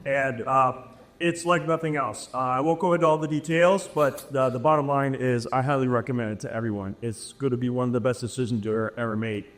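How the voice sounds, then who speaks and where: A man from the class stands up and gives a short testimonial, hesitating and using fillers as he goes. His voice is of medium pitch. He speaks plainly and does not perform. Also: fairly even intonation, a little fast. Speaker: workshop participant. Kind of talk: spoken testimonial.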